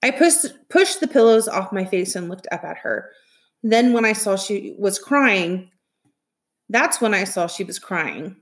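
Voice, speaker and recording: Brief: woman teacher narrating a novel for a class, steady and even. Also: mid-range voice, measured pace. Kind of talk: reading a novel aloud.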